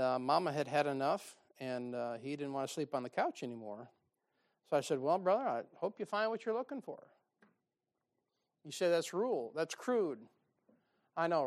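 A male pastor delivers a sermon in a fairly high voice. He tells folksy stories and slips in dry, sarcastic asides.

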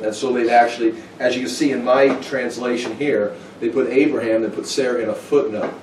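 A man's voice: medium pitch, darkish tone, a little hiss or hum. A man teaching a Bible study in an informal, conversational way, now and then acting out short quoted exchanges. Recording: echoey room, mic at a distance.

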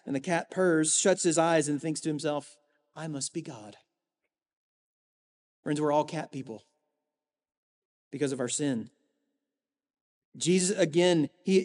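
A man preaching a sermon as a pastor, earnest, with rhetorical emphasis and dramatic pauses. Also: on the high side. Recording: long hall reverb.

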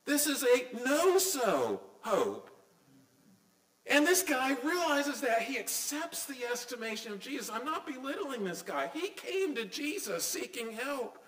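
A man's voice: very high voice, a bit bright. Middle-aged guy preaching, earnest and emphatic, lots of questions to the crowd, echoey church sound. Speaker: pastor. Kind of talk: sermon.

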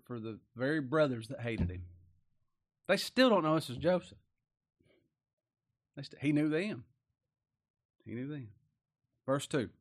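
Speaking in a mid-range voice, this preacher gives a folksy, down-home Bible study sermon. Verses are read out with heightened emphasis, followed by quiet, confidential asides.

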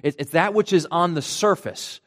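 Conversational pastor with a Rhode Island accent. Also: male voice, on the high side, moderate pace, fairly bright tone. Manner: conversational, explains step by step with asides. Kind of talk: sermon.

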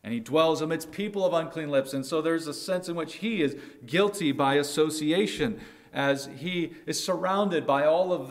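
A male pastor delivering a sermon at an unhurried pace. He lingers on words, letting phrases drop low and quiet, then swelling up for emphasis. His voice sits at an ordinary middle pitch. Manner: slow, deliberate preaching with dramatic pauses and swells.

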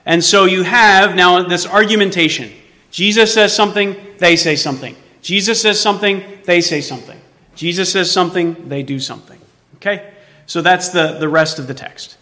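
A male pastor delivering a sermon in a church sanctuary. His voice is bright and sits a bit high for a man, and the long reverb of the hall trails after his words. He throws rhetorical questions at the congregation and swings between quiet asides and loud emphasis. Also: normal speed.

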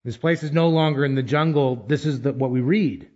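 A man preaching a sermon, measured and emphatic, pausing deliberately between phrases. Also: mid-range voice, a little mellow, muffled recording. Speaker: pastor.

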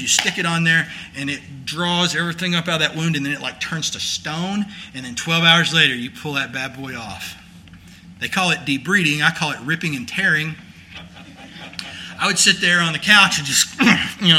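A pastor delivers his sermon like a story told among friends, plain-spoken and folksy. His tone is strikingly bright and forceful, pitched a little high for a man, and he drives his points home with emphasis. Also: a little hiss or hum. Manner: rising to emphatic preaching.

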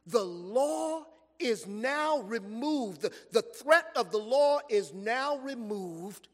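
High-voiced man preaching in a hall. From Los Angeles, USA. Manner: animated storytelling preaching, stretched emphatic phrases. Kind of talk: sermon. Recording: long reverb from a large hall.

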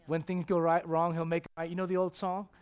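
Animated preacher, loud then hushed. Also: male voice, fairly high pitch, fast, smooth. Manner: animated, swings from loud exclamations to hushed tones; acts out voices in his stories, chuckles often. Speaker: pastor. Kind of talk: sermon.

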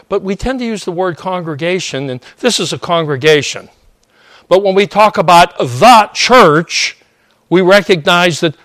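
A man giving a teaching sermon at an unhurried, deliberate pace, often stopping to ask "okay?" and filling gaps with "uh". His voice sits at an ordinary pitch and sounds close and dry, with no room echo. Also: fairly bright tone. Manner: digressive, frequent "uh" and "okay?" checks. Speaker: preacher.

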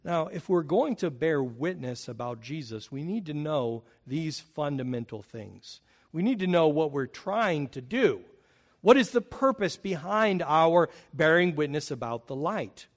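A man's voice: lively intonation, a little slow. A man preaching a sermon to his congregation, building emphasis as he drives key points home. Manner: emphatic, rising in pitch and volume on key points. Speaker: pastor.

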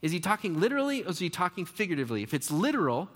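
A man's voice: sits high, very animated, very fast, fairly bright tone, long reverb tail. A man giving a conversational sermon as a pastor, asking his listeners rhetorical questions and often restarting his phrases.

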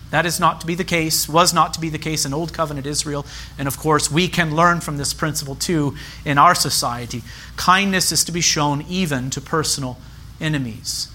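A man preaching a sermon as pastor, measured and emphatic, repeating key phrases. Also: a little high, bright, forceful tone, a little hiss or hum.

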